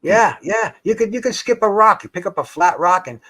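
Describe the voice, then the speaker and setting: A man's voice: high voice, animated, a little fast, sharp tone. An older man in casual chat, rambling and profane, stumbling over restarts as he talks outdoors by a dock on the water. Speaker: host.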